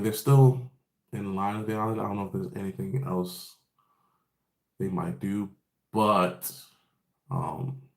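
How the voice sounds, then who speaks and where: A man's voice: lowish voice, dark tone. Laid-back man recapping with roomy echo. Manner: rambling, profane, laid-back storytelling with fillers. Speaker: anime episode recap host. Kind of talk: casual episode recap.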